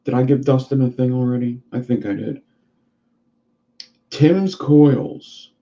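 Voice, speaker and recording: A man's voice: mid-range voice, steady tone, fast, warm tone. A man hosting a casual livestream chat who rambles and swears freely. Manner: profane, rambling. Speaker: livestream host. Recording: dull lo-fi sound.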